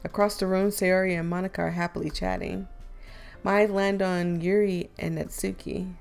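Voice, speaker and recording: A woman's voice: on the low side, steady tone, moderate pace, creaky, a little mellow, soft background music. A woman reading as a weary teenage boy narrator. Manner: dry, sighing narration.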